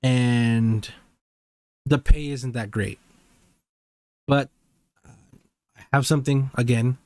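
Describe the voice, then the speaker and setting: A man with a mid-range voice co-hosts a podcast, speaking in an easygoing, meandering way that is full of pauses and restarts. The recording is dry and close, with no room sound. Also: mid-range voice, fairly even intonation, a little mellow, no room sound. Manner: laid-back, rambling, drawn-out phrasing with hesitations. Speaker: podcast co-host. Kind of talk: casual chat.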